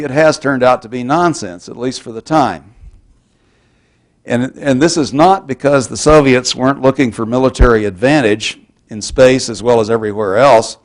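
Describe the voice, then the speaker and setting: Wry Texan lecturer, a man. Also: mid-range voice. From Texas. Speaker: university lecturer. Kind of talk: public lecture.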